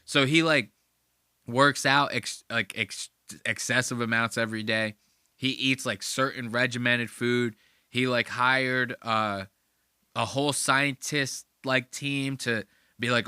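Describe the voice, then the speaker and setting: A man hosting a podcast in casual commentary, excitable, slangy and profane. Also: mid-range voice, a little slow, clear, resonant tone, dry recording, studio quality. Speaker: podcast host.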